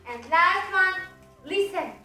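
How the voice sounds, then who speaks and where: A woman teaching a small child in a slow, exaggerated, sing-song way, prompting words and animal sounds. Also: very high voice, expressive, sharp tone, recorded from a distance. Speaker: teacher and parent. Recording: echoey room, off-mic, faint music.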